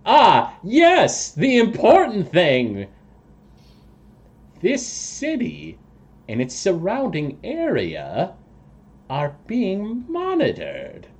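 A man's voice: high-pitched, huge pitch swings, extremely slow, pauses often, darkish tone, breathy edge, voice pushed up, heavily acted. A man voicing a pompous, boastful anthropomorphic toad who speaks of himself in the third person, in a tabletop game. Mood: scheming.

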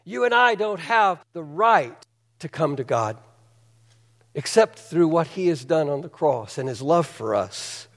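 A male pastor delivers a sermon with a high voice. He preaches in an earnest, conversational, emphatic manner, and a long reverb trails each phrase. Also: very animated, a little slow, creaky.

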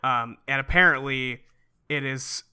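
A man co-hosting a podcast, recapping a comic in casual chat with a wry, deadpan manner and casual swearing. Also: medium pitch, measured pace, clean tone. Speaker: podcast co-host.

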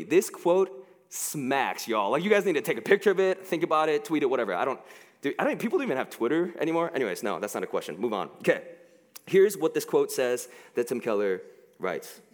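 Joking pastor in an echoing hall. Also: male voice, mid-range voice. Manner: animated, joking, conversational with many fillers. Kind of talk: casual sermon. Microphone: headset.

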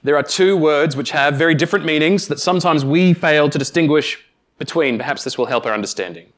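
A man preaching a sermon, speaking emphatically with deliberate pauses and addressing the congregation directly. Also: fairly high pitch. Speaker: pastor.

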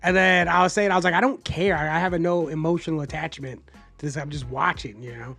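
A man hosting a podcast, telling animated, profane stories in casual chat and acting out what people said. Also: a little high, fast talker, vocal fry, faint music behind. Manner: profane, animated storyteller, acts out quotes. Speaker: podcast host.

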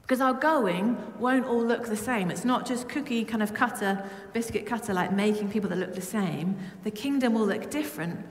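A woman from Britain preaching a lively, humorous sermon to her church. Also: on the high side, moderate pace, few pauses. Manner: humming song snippets. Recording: echoey church with long reverb.

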